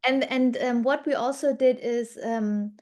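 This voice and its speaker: A woman's voice: on the high side, fairly even intonation, a little slow, darkish tone. A woman with a German accent, a guest researcher speaking earnestly and enthusiastically in a podcast interview, with frequent fillers.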